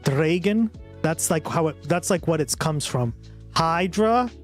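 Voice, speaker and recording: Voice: mid-range voice, lively intonation, measured pace, faint music behind. A live streamer chatting casually with viewers, teasing, swearing and reacting to videos.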